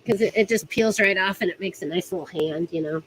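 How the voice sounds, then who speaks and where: A woman's voice: lowish voice, a little fast, slight background noise, rough recording. A woman giving a casual hands-on rope tying demonstration, chatty and giggly, often trailing off mid-sentence. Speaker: rope bondage instructor.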